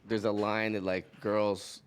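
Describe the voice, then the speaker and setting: A man's voice: lowish voice, level tone, takes it slowly, a little hiss or hum. A man hosting a podcast, asking questions and joking along in a casual chat. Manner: easygoing, asks questions, jokes along. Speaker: podcast host.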